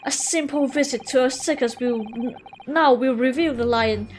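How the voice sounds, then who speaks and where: A woman reading the lines of a pompous gentleman detective aloud from a game, with stumbles over the florid words. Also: high voice, normal speed, slight background noise, close to an everyday voice. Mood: grandiose.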